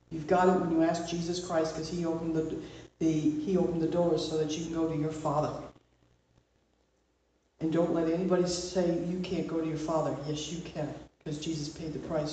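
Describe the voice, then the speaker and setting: In an informal Bible teaching full of rhetorical questions, a woman presses hard on her key points and slows down to drive them home. Her deep, slightly mellow voice barely shifts in pitch and is picked up from a distance in a very echoey room.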